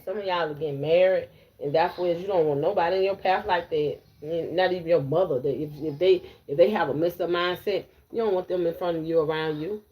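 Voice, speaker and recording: A woman's voice: low voice, noisy background. A woman giving a blunt, repetitive live tarot reading, talking straight to her viewers. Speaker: tarot reader.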